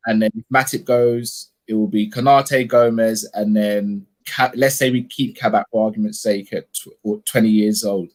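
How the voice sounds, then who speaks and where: A man's voice: lowish voice, steady tone, normal speed, hardly any pauses. A man hosting a casual live-stream chat, reading out viewer comments and steering the talk with pointed questions. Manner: leads discussion with probing questions.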